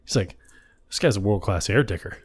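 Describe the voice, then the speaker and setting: A man's voice: fairly low pitch, lively intonation, brisk, husky. A man co-hosting a podcast, recapping a film in casual chat, quoting scenes in funny voices and laughing often. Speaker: podcast co-host.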